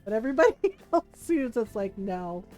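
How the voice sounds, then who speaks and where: High-voiced chatty woman streamer. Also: very animated, fairly quick, a little mellow, faint music behind. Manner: chatty storyteller, many "like" and "right?" fillers; laughs often while talking. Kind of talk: casual chat while playing a video game.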